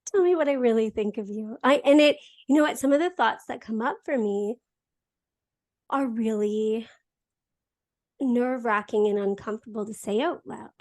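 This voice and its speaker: A woman's voice: on the high side, normal speed, a little mellow. A young woman hosting a casual conversation, talking candidly, laughing often and restarting her sentences. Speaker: podcast host.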